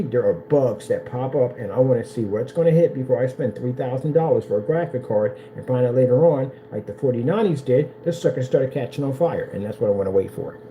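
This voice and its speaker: A man rambles casually about a computer build in a very dark, mellow voice that swings widely in pitch. He talks with lively, animated energy over a faint hiss of background noise. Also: low-quality recording. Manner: animated, mocks console fans in high put-on voices. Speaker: tech vlogger.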